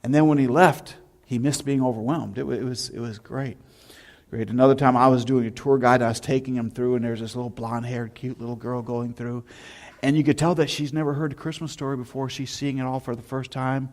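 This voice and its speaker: Pastor, male, mid-range voice, sermon style with relaxed storytelling and lively retold moments. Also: mid-range voice, brisk. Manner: storytelling, animated anecdotes with shouted imitations. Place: church sanctuary.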